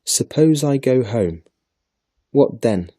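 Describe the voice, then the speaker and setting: A man's voice: medium pitch, lively intonation, takes it slowly, mellow, no room sound, studio quality, voice pushed up. A man voicing a timid, curious little girl who asks pleading questions in a raised voice, reading a storybook aloud. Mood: plaintive.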